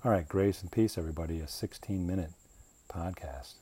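A middle-aged man hosts a podcast and tells a personal story. He rambles and jokes, often breaking off mid-thought. His voice is deep, husky and mellow. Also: a little fast. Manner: rambling, jokey, self-interrupting. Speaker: podcast host. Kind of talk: casual storytelling.

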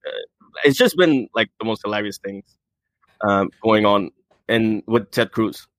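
A man's voice: lowish voice, unhurried, a bit bright, dry recording. A man in casual political chat, rambling with hesitant fillers and sarcastic asides.

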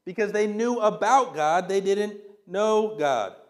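A man's voice: high-pitched, animated, takes it slowly. A man preaching a sermon as a pastor, reading verses and explaining them in a conversational, emphatic way with rhetorical questions.

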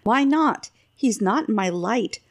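Brief: gruff old storybook king, grumbling and commanding, gravelly edge, read by a woman. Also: medium pitch, a little slow. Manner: grumbling, then commanding orders. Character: gruff jovial old king, blunt and impatient.

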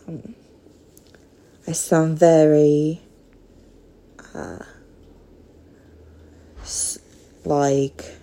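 A woman in her thirties with a Northern Minnesotan accent, hosting a casual solo podcast and talking slowly and hesitantly, with frequent pauses. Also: low-pitched, level tone, warm tone, poor audio. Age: 30s. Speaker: podcast host.

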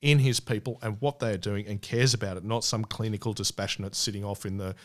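A man's voice: fairly low pitch, steady tone. Earnest man discussing scripture. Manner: earnest, halting, with many restarts. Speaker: Bible study host. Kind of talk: casual Bible discussion.

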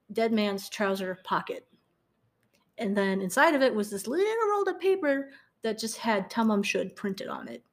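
A young woman tells a true-crime case in a loose, conversational way. She giggles between sentences, trips over her words and doubles back to fix them, filling gaps with um and like. Her pitch sits at an ordinary middle for a woman. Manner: giggly, stumbles and corrects herself, many ums. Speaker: podcast co-host. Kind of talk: casual true-crime storytelling.

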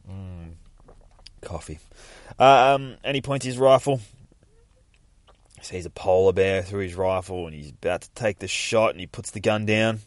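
A man's voice: deep voice, unhurried, long pauses, no room sound. A man hosting a podcast, retelling a comic book in a rambling, profane, jokey way. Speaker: podcast host.

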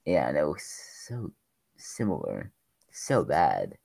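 Young dude, super deep voice, gravelly, lively, argues back. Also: male voice, no echo. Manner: opinionated, quick to argue back. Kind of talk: casual chat.

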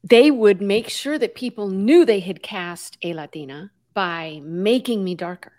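Woman, american, guest, lively storyteller, filler-heavy, drops in spanish words. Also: medium pitch, unhurried. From United States. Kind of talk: conversational storytelling.

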